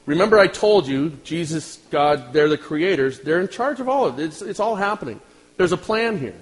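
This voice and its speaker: Animated man preaching a sermon. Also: a little high, normal speed, poor audio. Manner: animated preaching, swings from loud to hushed; talks directly to the congregation. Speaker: pastor.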